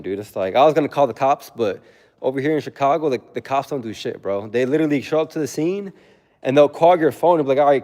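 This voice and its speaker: A man's voice: medium pitch, darkish tone, in a large hall. A young man livestreaming from home, telling a story in a laid-back way, acting out quotes and laughing often.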